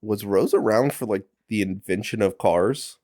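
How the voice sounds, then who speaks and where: A man's voice: on the low side, darkish tone. A man co-hosting a podcast, chiming in bluntly and agreeably during a casual book discussion. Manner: agreeable, quick to chime in, blunt. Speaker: podcast co-host.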